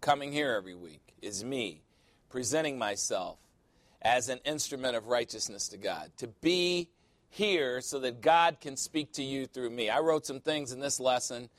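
A male pastor preaching a sermon, animated and storytelling, often quoting others in playful voices. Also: medium pitch, normal speed, dry recording.

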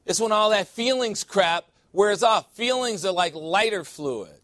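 A man preaching a sermon with a fairly high voice, drawing amens from his congregation and tossing in playful asides. The sound is dry and close with little room echo. He moves between teasing banter and earnest teaching. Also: lively intonation, a little slow, a bit bright. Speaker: pastor. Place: church sanctuary.

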